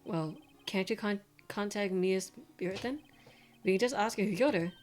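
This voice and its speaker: A woman's voice: medium pitch, normal speed, darkish tone, faint music behind, lightly acted. A woman reading game lines aloud as an earnest young male defense lawyer, hesitant and stumbling over words. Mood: curious.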